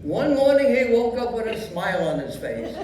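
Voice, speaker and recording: Two-thousand-year-old joker, Yiddish accent, very high voice, rambling punchlines, echoey hall. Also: male voice, very animated, moderate pace, crowd noise. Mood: wisecracking. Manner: rambling, name-dropping punchline storyteller. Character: ancient joking old man, two thousand years old. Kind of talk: live stage comedy sketch. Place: stage in a community venue. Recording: very echoey hall, mic from a distance.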